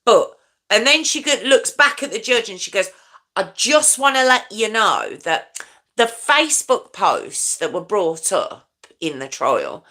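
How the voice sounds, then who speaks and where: A woman voicing a flustered middle-aged mother who rushes and stammers through her excuses. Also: mid-range voice, bright, forceful tone, full character voice. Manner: rushed, stammering, repeating herself.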